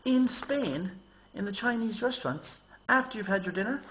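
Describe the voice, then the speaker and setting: A man's voice: sits high, moderate pace, few pauses, a little hiss or hum. A man rambling casually to his camera, telling stories and mimicking people in a raised voice. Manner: chatty, animated storytelling, mimics people in raised voice. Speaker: vlogger.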